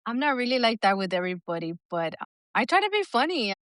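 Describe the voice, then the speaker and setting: A woman's voice: a little high, big pitch swings, fast, a bit bright, no room sound. A woman co-hosting a podcast in casual chat, candid and swearing freely as she acts out little stories. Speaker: podcast co-host.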